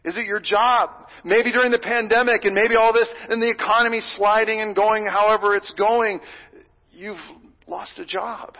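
A male pastor preaches in a high, earnest voice, rising into loud pleading and dropping to hushed whispers. The sound is dull and lo-fi, with a long reverb from a large sanctuary. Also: steady tone, moderate pace. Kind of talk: sermon.

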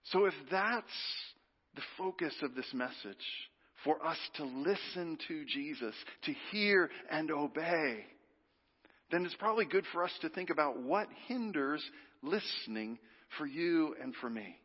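A man preaching a sermon, drawing the congregation into call-and-response, with dramatic pauses and hushed drops on key words. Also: fairly high pitch, animated, breathy edge. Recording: dull reverberant hall sound.

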